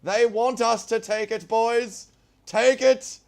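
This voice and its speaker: A man's voice: very high-pitched, steady tone, slow pace, gravelly, a little mellow, pitched above the performer's own voice, heavily acted. A man putting on the voice of a male commander rallying his soldiers with a stirring, declamatory speech. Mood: rousing. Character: rousing male battlefield commander rallying troops.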